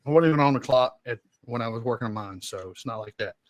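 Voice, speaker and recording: A man's voice: mid-range voice, fast, no echo. A man with a Southern Georgia accent, co-hosting a podcast in casual chat, rambling through stories and laughing often. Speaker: podcast co-host.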